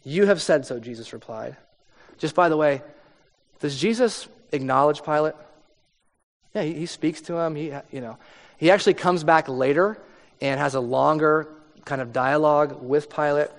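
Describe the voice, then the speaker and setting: This pastor speaks at a moderate pace in a fairly high voice with vocal fry, pausing often as he reads scripture and explains it in a conversational sermon. Now and then he acts out people in the story with rising intensity, and the hall reverb is long.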